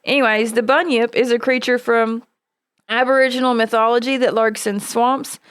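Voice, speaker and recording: A woman's voice: on the high side, steady tone, moderate pace, smooth, no room sound, studio quality. A woman hosting a podcast in casual chat, blunt and profane, laughing often. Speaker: podcast host.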